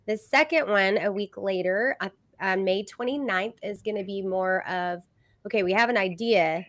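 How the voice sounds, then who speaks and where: A woman with a Southern accent hosts a live podcast in a chatty way, full of fillers. Her voice sits at a middle pitch. It is recorded dry and close. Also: normal speed, a bit bright, no echo. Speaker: host. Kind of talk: casual live podcast hosting.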